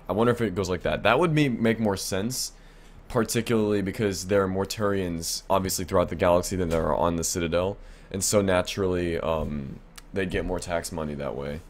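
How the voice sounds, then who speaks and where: Young male game commentator, low voice, rambles with lots of ums, faint game music under. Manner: rambling, filler-heavy, thinks aloud. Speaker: gameplay commentator. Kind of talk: casual playthrough commentary.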